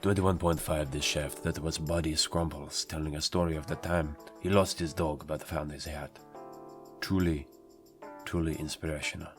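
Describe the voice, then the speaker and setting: A man hosting a spoof radio show, announcing in a mock-solemn, low-key way. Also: fairly even intonation, moderate pace, over music. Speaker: radio DJ parody host.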